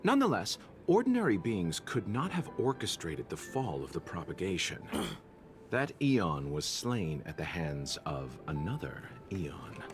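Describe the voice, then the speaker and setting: A man's voice: low-pitched, huge pitch swings, unhurried, background noise, full character voice. An actor playing a refined, courteous male merchant with an amused, polite way of speaking in a game cutscene. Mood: suave. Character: suave polite male merchant carrying a coffin. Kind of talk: video game cutscene dialogue.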